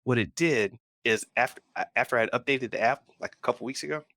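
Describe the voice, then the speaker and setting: His voice sits in the mid-range and moves at a quick pace, with no echo on the recording. A pop culture podcast co-host, he tells an animated, rambling story during casual chat.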